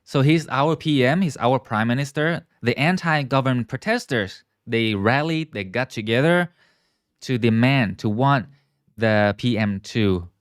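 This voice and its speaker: A man teaching English in a live online lesson, explaining words slowly, stretching key terms and often checking in with viewers. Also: medium pitch, smooth, no room sound, clean studio sound. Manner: models pronunciation and asks viewers to repeat.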